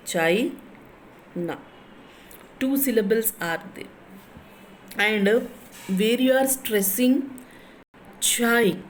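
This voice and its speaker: Woman, Indian English accent, English lecturer, slow deliberate teaching, repeats phrases, faint background noise. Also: mid-range voice, low-quality recording. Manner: repeats key phrases, spells words letter by letter. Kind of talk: classroom lecture.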